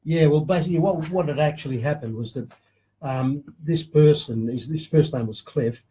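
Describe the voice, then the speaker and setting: A man's voice: on the high side, moderate pace, mellow, breathy edge, poor audio. A man who builds guitars, a guest on a casual talk show, who speaks hesitantly with many fillers.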